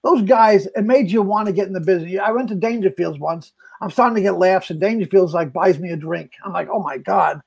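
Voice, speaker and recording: An older male comedian, a podcast guest, telling anecdotes in an animated way, acting out the quotes and often restarting his sentences. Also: high voice, fast talker, vocal fry, hardly any pauses, slightly rough. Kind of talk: storytelling in casual chat.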